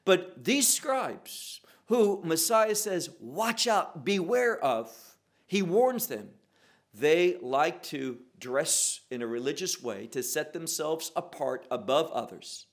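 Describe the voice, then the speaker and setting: A man preaching a sermon on a Bible passage, slow and emphatic, repeating words for weight. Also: on the high side, very animated.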